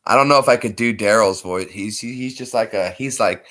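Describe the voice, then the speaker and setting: A man's voice: lowish voice, fairly quick, a bit bright. A man chatting casually in a vlog, rambling and laughing between attempts at impressions. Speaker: vlogger.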